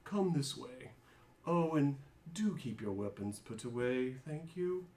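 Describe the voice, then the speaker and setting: A man voicing an older human servant, formal and courteous, speaking slowly. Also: mid-range voice, animated, darkish tone, lightly acted.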